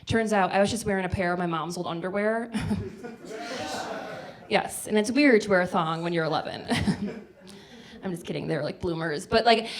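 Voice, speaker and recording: A woman in her forties from the Midwest, telling a comic personal story on a small theater stage, chatty and full of "like". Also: mid-range voice. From American Midwest. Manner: chatty, lots of "like", acts out quoted voices. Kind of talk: live comedic storytelling.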